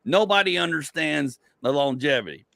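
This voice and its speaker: Man host, gravelly voice, blunt and emphatic, dry close sound. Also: on the high side, animated, moderate pace, bright, forceful tone, no room sound. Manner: emphatic, blunt motivational talk. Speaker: comedian host. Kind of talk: casual podcast chat.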